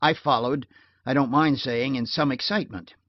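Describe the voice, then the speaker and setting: A man narrating a detective novel audiobook in a measured, wry storytelling manner. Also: mid-range voice, no echo. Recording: dull lo-fi dry recording.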